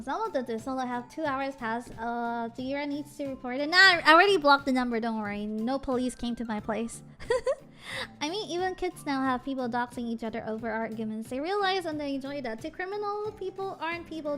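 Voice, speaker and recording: A woman's voice: high-pitched, pushed and bright. A woman streamer chatting casually with her viewers in a bubbly way, dropping in Japanese words.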